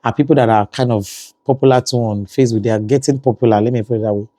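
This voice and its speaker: Nigerian man, dark mellow voice. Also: mid-range voice, steady tone, fast, dry recording. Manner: conversational, frequent "you know" fillers. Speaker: family vlogger. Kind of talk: casual vlog monologue.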